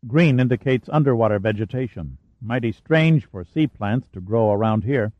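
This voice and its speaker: A man's voice: mid-range voice, animated, moderate pace, no echo, dull audio, close to an everyday voice. A man voicing a cool, wry male adventurer who speaks in a dry, understated way.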